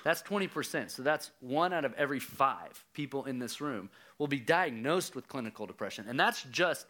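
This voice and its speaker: A man in his thirties giving a youth sermon, telling a story with lots of chuckles and swings between loud and hushed delivery. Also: medium pitch, lively intonation, moderate pace. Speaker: youth pastor.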